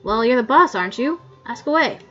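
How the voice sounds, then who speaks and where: A woman reading the lines of a grumpy old male coroner, loud and gruff, on a muffled lo-fi mic. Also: on the high side, expressive, fairly quick, soft background music. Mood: grumbling.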